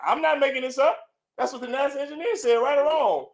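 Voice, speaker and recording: A man preaching a fiery sermon to a gathering, forceful and repetitive, swinging between loud outbursts and low, intense passages. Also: fast talker, poor audio. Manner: repetitive, chanting lists. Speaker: preacher leading a congregation. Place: indoor gathering.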